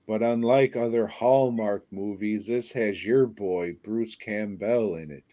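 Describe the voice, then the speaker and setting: A man's voice: fairly low pitch, measured pace, dark tone, no echo. A man co-hosting a podcast, rambling and crude in casual chat about a movie. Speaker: podcast co-host.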